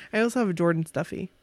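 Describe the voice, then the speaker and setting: Excitable woman telling a fan story. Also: lowish voice, no echo. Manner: excitable, emotional storytelling with laughs and restarts. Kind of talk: casual storytelling chat.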